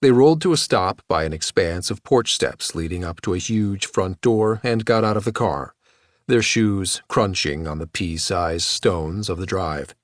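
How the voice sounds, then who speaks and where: A male audiobook narrator with a low voice reads scripted narration. The recording is dry and studio quality.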